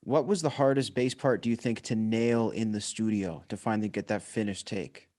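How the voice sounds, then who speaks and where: A man's voice: fairly low pitch, steady tone, moderate pace, a little mellow. A man hosting a podcast interview, asking earnest questions and chiming in with short affirmations. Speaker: podcast host.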